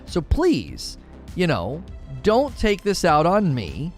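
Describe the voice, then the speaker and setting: Man, talk show host, emphatic ranting delivery, swooping animated pitch, soft music behind. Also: slow. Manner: animated, emphatic opinion rant. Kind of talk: live gaming talk show chat.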